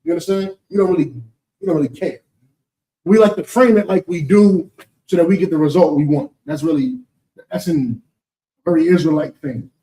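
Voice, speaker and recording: A man's voice: high voice, moderate pace, pauses often, warm tone, distant mic, low-quality recording. A man with an American accent teaching and answering questions in a preaching session, emphatic and rhetorical, often asking "you understand?".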